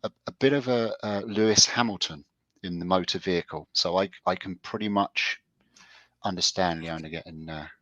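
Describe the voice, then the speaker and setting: A man's voice: sits low, normal speed, fairly bright tone, no room sound, lo-fi sound. A man co-hosting a casual chat show, telling stories in a stop-start way with restarts. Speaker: podcast co-host.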